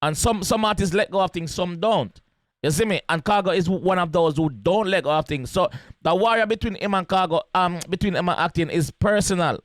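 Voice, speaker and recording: A man's voice: sits high, brisk, dry recording. A man with a Jamaican accent giving casual, emphatic commentary on a song as host of a reaction video, repeating his points in patois slang.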